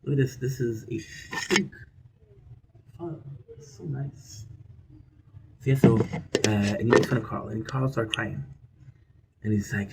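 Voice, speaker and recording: A man's voice: mid-range voice, unhurried, creaky, pauses often, heavy background noise. A man streaming a game and telling stories in a casual, rambling way, repeating his phrases and swearing casually. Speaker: gaming streamer. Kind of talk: casual storytelling while gaming.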